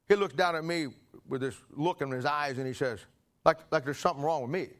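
An older man preaching a sermon, telling folksy stories and clearing his throat often. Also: mid-range voice, animated, brisk, pauses often, a bit bright. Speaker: pastor. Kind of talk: sermon with personal anecdotes.

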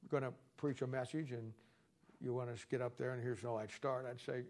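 A man's voice: medium pitch, steady tone, brisk, darkish tone. A man teaching a Bible study as a sermon, combative and mocking, rambling with frequent restarts and repeated words. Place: church or studio with a wall sign.

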